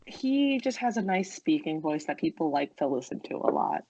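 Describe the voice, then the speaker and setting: A young woman from New Jersey, co-hosting a casual podcast chat, excitable and quick to defend herself. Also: sits low, gravelly, slightly rough, muffled recording. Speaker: podcast co-host.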